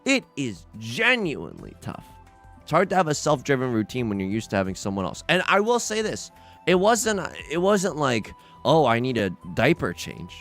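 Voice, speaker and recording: A young man streaming a game, chatting in a rambling, self-deprecating way with sudden loud outbursts. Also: on the high side, wildly swooping pitch, normal speed, faint music behind. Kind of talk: casual livestream chat while gaming.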